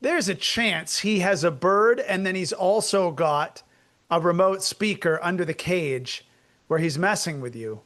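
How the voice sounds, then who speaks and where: A man's voice: high-pitched, animated, unhurried, a bit bright. A man with a New England accent co-hosting a podcast, questioning with wry skepticism. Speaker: podcast co-host. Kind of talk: casual chat.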